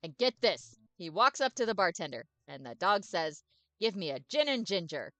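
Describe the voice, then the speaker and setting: A woman voicing a cheerful, eager male dog ghost who talks loudly and excitably. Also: on the low side, moderate pace, dry recording. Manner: loud, bouncy and excitable.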